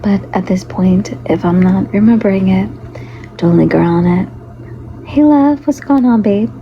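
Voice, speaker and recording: A woman livestreaming in a loose, rambling way, greeting her viewers and fighting a hoarse, fading voice. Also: mid-range voice, unhurried. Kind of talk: casual livestream chat. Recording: dull lo-fi stream audio with faint noise.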